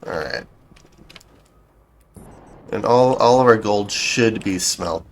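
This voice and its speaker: A man's voice: fairly low pitch, animated, takes it slowly, vocal fry. A man giving casual gameplay commentary, thinking aloud as he builds, with a dry, self-correcting, sarcastic manner. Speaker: game streamer.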